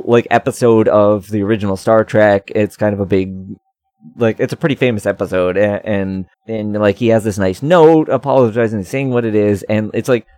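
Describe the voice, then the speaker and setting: A podcast co-host with a low, darkish voice rambles through a casual chat, full of fillers and restarts. The recording is dry and studio quality.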